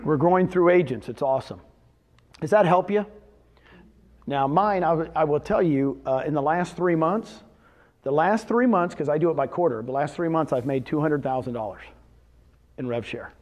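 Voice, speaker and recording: A man presenting at a seminar in front of a live audience, his voice sitting a little high for a man. He talks in an animated way, firing questions at the audience and answering them himself. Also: normal speed. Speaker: presenter at a real estate seminar. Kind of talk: motivational seminar talk.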